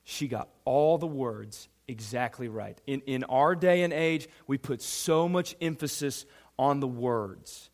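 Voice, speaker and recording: A man preaching a sermon, emphatic and animated, speaking directly to a young congregation. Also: medium pitch, measured pace. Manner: addresses a youth audience directly. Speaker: pastor.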